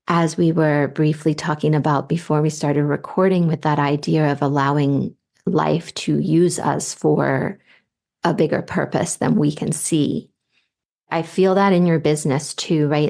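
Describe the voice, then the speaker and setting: Woman host, low gravelly voice, slow, soft-spoken intuitive reader. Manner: soft, unhurried, with light laughs. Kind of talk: slow, spiritual guidance reading.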